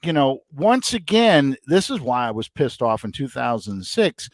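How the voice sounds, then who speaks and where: A middle-aged man co-hosting a casual sports chat from home, rambling and excitable as he tells his stories. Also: mid-range voice, moderate pace, no echo. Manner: excitable, rambling, animated storyteller. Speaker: podcast co-host. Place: home, room with a TV.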